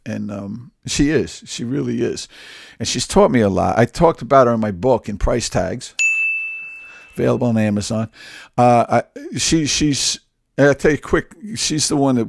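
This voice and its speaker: A man's voice: medium pitch, creaky, husky, no room sound, clean studio sound. A man in his sixties talking through a candid personal monologue, rambling and repeating words, with wry humor. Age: 60s. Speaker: podcast host.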